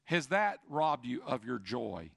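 Gravelly, bright-voiced male pastor preaching. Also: very animated, slow pace, no echo, studio quality. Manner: swings between loud emphatic peaks and quiet confessional low talk; repetitive, building lists of questions. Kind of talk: sermon.

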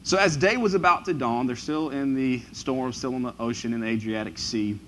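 A man preaching a sermon, reading scripture and then riffing on it, his voice swinging from loud to hushed. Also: mid-range voice, fairly quick, a little hiss or hum. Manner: animated, swinging from loud to hushed, asks the congregation questions; reads scripture aloud then riffs on it. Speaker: pastor.

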